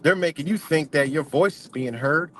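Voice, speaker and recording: A man's voice: fairly high pitch, normal speed, a bit bright, slight background noise. A man ranting casually, heated, profane and emphatic. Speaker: vlogger.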